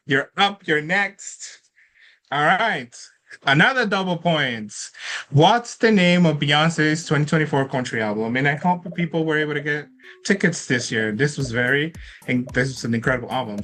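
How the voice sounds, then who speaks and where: A man's voice: a little high, moderate pace, fairly bright tone. A man hosting an online trivia quiz, upbeat and chatty, laughing often as he reads out questions and scores. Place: online event with participants in chat.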